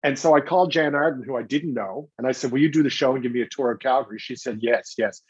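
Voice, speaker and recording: A man's voice: medium pitch, slightly rough, no room sound, dull audio. A middle-aged man telling stories in an interview. He acts out quotes and restarts his sentences often. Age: 40s or older. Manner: animated storyteller acting out quotes, quick restarts. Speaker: guest, television host. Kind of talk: anecdotal interview talk.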